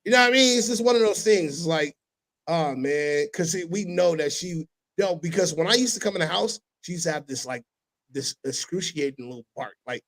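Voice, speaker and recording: Man, podcast host, casual chat, lively swinging pitch, slightly high voice, animated storyteller. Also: brisk, rough recording. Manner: animated storytelling, breaks into loud shouted impressions.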